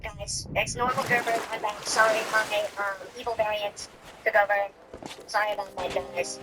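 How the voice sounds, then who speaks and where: A woman's voice: medium pitch, level tone, moderate pace, music in the background, rough recording. A woman ranting to camera in an exasperated, slangy way.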